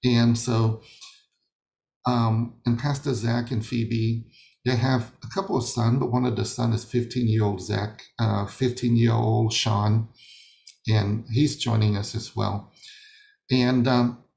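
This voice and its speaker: A man's voice: mid-range voice, flat delivery, takes it slowly, vocal fry, a little mellow, roomy sound. A man teaching a sermon over a video call, emphatic and fond of rhetorical questions that he answers himself. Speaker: ministry leader teaching a session.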